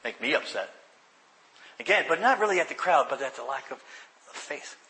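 Bright-voiced preacher man teaching. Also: on the high side, animated, brisk, rough recording. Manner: earnest teaching with frequent restarts, dropping to quiet emphasis. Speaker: pastor. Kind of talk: sermon.

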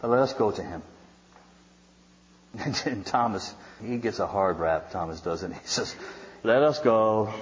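A male pastor preaching a sermon, retelling scripture in a conversational, storytelling way with wry asides. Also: on the low side. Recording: dull sound with long hall reverb.

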